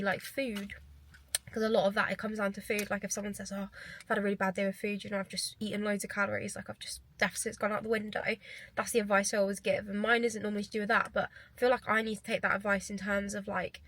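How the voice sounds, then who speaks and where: A woman's voice: on the high side, fairly bright tone. A young woman chatting casually to camera in a rambling vlog, her talk full of "like" fillers. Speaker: vlogger and fitness coach.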